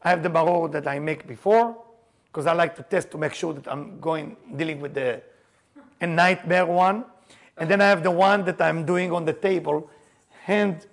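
In a gravelly, somewhat high voice at normal speed, a man leads a lively lesson for a group on the Passover seder. He tells humorous stories, laughs and jokes a lot, and raises his voice to shout key points.

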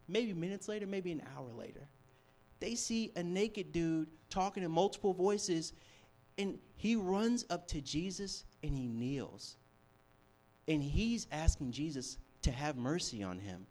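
A young man preaching a sermon, telling a story with animated shifts from hushed to loud. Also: on the high side. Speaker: campus ministry preacher.

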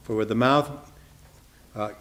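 A man's voice: fairly low pitch, unhurried, fairly bright tone. A man giving an earnest sermon, often repeating words and speaking straight to his listeners. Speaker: preacher teaching evangelism.

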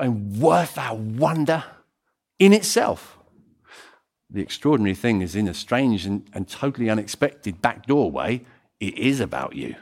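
A man preaching a sermon as pastor, swinging between excited loud passages and quiet, intimate ones. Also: medium pitch. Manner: animated, swings from loud to hushed.

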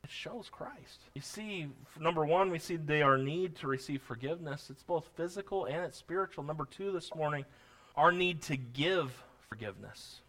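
Male pastor, high and bright, folksy sermon delivery that builds to forceful emphasis. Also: animated, normal speed. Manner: preaching with rising, forceful emphasis and quoting scripture.

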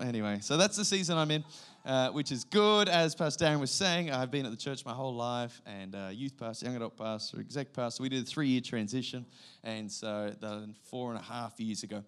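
An Australian man in his thirties, a guest pastor giving a sermon with lively storytelling and sudden loud bursts. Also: medium pitch, a little fast, smooth.

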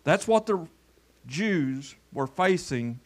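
A man from Kentucky preaches slowly and animatedly in church, delivering a folksy sermon. He pulls people up for a demonstration and swings from loud calls down to soft murmurs.

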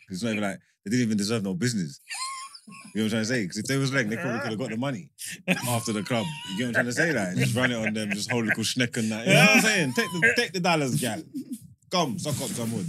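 A man, co-hosting a podcast and telling a story in casual chat, animated and full of repeated filler phrases. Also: medium pitch, fast, crowd noise. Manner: animated, repeats "you know what I'm saying". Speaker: podcast co-host.

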